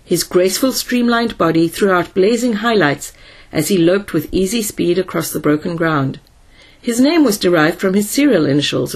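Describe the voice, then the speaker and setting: A woman reading a science fiction story aloud in a measured, even narration. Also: fairly low pitch, breathy edge. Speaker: audiobook narrator. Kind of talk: scripted narration.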